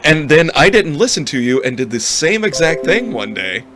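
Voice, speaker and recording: A man's voice: on the high side, big pitch swings, moderate pace, fairly bright tone. Jokey man chatting, faint hiss behind. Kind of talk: casual chat.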